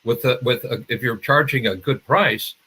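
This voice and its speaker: A man's voice: medium pitch, normal speed, sharp tone, slightly rough. An older man, a marketing expert guest, explaining in a conversational interview with restarts and examples.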